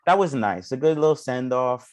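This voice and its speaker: A man's voice: medium pitch, expressive, moderate pace, darkish tone. A man, a former co-host telling laid-back stories and swearing freely in a casual podcast chat. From New York.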